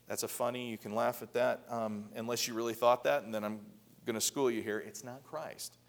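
A man preaching a sermon in a conversational way, often repeating words and building to emphatic high peaks. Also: fairly even intonation, fairly quick, gravelly. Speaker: pastor.

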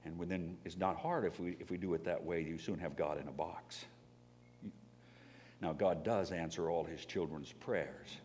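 A man preaching a sermon, animated, who swings into loud emphatic bursts when acting out pleas and reading scripture. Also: low voice, normal speed. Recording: long hall reverb, faint hum.

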